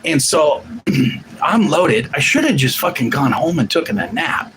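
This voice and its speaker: Animated profane man rambling on stream. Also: fairly high pitch, unhurried, slight background noise, poor audio. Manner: rambling, profane, restarts often. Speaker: live stream host. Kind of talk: casual live-stream chat.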